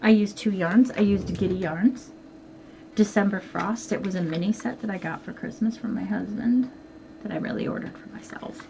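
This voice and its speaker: A middle-aged woman chats at home about her knitting and sewing, rambling along with frequent ums and hurried asides. Her voice sits at an ordinary middle pitch. A steady hiss of background noise runs under the recording. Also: creaky. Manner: chatty, quick and rambling with many ums. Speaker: knitting podcast host. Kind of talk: casual chat to camera.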